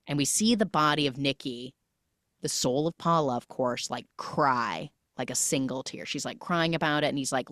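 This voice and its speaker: This podcast host is a woman with a deep yet fairly bright voice, recorded in studio quality with no echo. Her film recap is casual and chatty, and she briefly performs every character's lines as she retells the plot.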